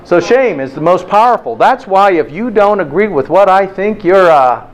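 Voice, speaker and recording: A man's voice: high-pitched, normal speed, low-quality recording. A man hosting a motivational health talk, telling stories and firing rhetorical questions at his listeners. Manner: lively storyteller with rhetorical questions.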